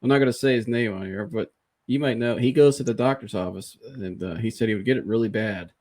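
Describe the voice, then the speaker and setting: A man hosting a podcast, casually and candidly retelling a personal experience in an animated, conversational way. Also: lowish voice, quick pace. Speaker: podcast host.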